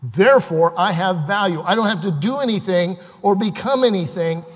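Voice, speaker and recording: Male preacher, high pitch, fervent delivery shifting loud to hushed; reverberant hall. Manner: impassioned, swings from loud bursts to quiet, slow reading. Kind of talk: sermon.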